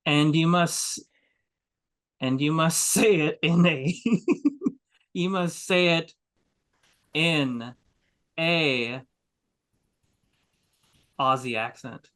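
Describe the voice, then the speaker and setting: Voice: mid-range voice, drawn-out words, pauses often, fairly bright tone. A co-host running a game wheel in a casual chat, wry and chuckling, with mock-grand announcements.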